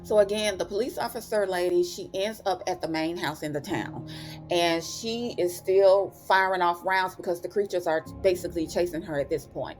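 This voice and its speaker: A young woman giving a chatty, expressive episode recap, with slang asides as she retells the plot. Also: on the low side, moderate pace, faint music behind. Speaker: TV recap host.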